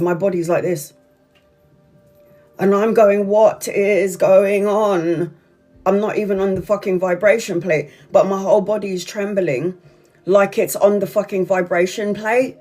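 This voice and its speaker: In a lowish, darkish voice, a tarot reader talks casually to her livestream viewers, rambling and repeating herself through a story and swearing a lot.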